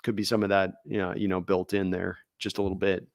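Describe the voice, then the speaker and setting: Male podcast co-host, fast and rambling, recorded dry. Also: low-pitched, level tone, dry recording. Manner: rapid, rambling, frequent restarts. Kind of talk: casual sports chat.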